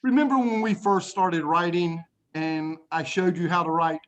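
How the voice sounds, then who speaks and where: A man teaching English writing to a class of young students, playful and animated, acting out examples and hushing the class now and then. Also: sits high, moderate pace, few pauses, lo-fi sound. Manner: playful, animated, acts out examples in little voices; talks to young students, often hushes the class. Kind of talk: classroom lesson to children.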